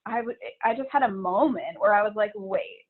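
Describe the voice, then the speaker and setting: Woman podcast guest, candid and laughing, mid-pitched, sounds like a tinny phone line. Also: a little fast, husky. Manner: candid, swears casually, laughs often. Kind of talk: casual podcast chat.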